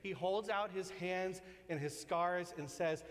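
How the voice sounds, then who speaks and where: A man preaching a sermon in a church sanctuary, his voice sitting a little high for a man. He talks conversationally, pushing up for emphasis and then dropping soft and slow. His voice rings out in a long hall reverb. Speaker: pastor.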